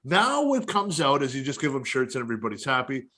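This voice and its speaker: A man's voice: mid-range voice, very animated, quick pace, pushed and bright. A man in his thirties co-hosting a casual wrestling talk show, blunt and opinionated, getting fired up over his points. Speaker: podcast co-host.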